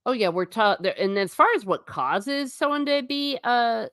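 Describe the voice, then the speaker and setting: A woman's voice: a little high, expressive, normal speed, a bit bright, no room sound, studio quality. A woman hosting a casual livestream, chatty and emphatic, reading viewer comments aloud and answering them. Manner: chatty and emphatic, repeating for effect. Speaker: livestream host.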